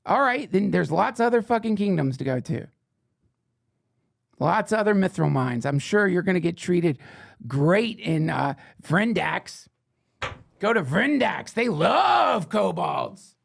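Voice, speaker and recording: A man's voice: sits high, animated, unhurried, gravelly, no echo, clean studio sound. A man hosting a podcast, reading fake fantasy news with profane, sarcastic and rambling asides. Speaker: podcast host.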